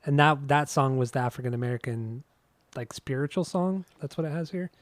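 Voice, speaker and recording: A man co-hosting a music podcast, chatting in a relaxed, enthusiastic way about songs and how they were produced. His voice has an average pitch and a dry, close sound with no room echo. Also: brisk. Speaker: podcast co-host. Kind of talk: casual chat.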